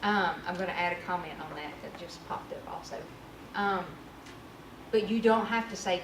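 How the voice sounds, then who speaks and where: A woman trainer talks through a workshop in a candid, conversational way. She sounds distant from the mic in a reverberant room. A steady noise sits under her voice. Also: fairly low pitch, normal speed. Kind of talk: workshop presentation. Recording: echoey room from far off with noise.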